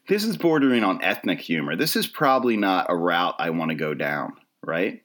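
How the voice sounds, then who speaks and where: A man's voice: deep voice, very animated, moderate pace, hardly any pauses, fairly bright tone. A middle-aged man hosting his own podcast, delivering a rambling comedic monologue full of self-deprecating, wry asides. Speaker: podcast host.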